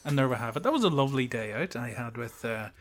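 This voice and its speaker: A man's voice: mid-range voice, lively intonation, quick pace, slight background noise. A man hosting a podcast, introducing a clip with dry joking asides and frequent hesitant fillers. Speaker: podcast host. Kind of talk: casual podcast chat and interviewing.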